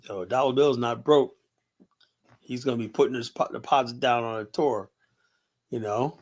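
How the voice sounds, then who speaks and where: A man hosting a loose, rambling livestream. He swears freely and fills his talk with "you know" and "man." His voice sits at an ordinary middle pitch. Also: normal speed. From United States. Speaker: livestream host.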